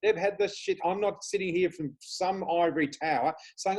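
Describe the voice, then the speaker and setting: A man with an Australian accent, a guest chatting casually, telling lively stories and laughing often. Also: sits high, moderate pace. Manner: animated storyteller, laughs often, swears casually. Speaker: guest, flower reader. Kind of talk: casual chat.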